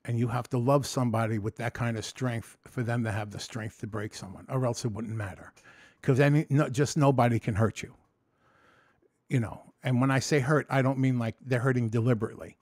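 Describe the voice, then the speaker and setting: A man in a candid personal vlog, speaking at a middling pitch that is neither deep nor high. He rambles emotionally, restarting sentences and swearing freely. The recording is dry and close, with no room sound. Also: a little fast, no room sound. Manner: swings between excited storytelling and low, subdued reflection. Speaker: vlogger.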